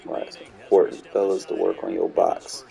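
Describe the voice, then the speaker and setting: Low, gravelly male gamer narrating his match; irritated, swearing, barking at his team. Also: sing-song, normal speed. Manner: frustrated, swears, yells at players. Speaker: gamer commentating his own play. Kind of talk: casual gameplay commentary.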